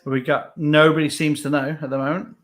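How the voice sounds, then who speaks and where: Easygoing man, slightly higher voice. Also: little pitch movement, a little fast, soft background music. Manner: easygoing, self-deprecating banter. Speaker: co-host. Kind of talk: casual live chat show.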